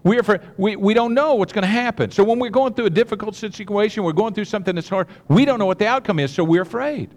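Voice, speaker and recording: A man's voice: sits high, fast, hardly any pauses, big-room sound. A man preaching a sermon, earnest and repetitive, with many restarts and direct asides to the congregation. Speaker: pastor.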